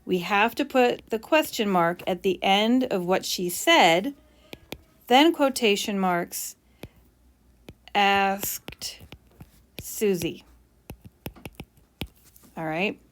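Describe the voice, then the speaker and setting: A woman's voice: mid-range voice, expressive, takes it slowly. A woman teacher explaining punctuation while writing, with playful mock bragging asides.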